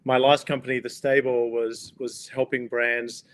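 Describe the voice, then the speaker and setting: Male guest, Australian accent, relaxed and a little hesitant. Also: mid-range voice, unhurried. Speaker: guest, company co-founder. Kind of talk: casual interview chat.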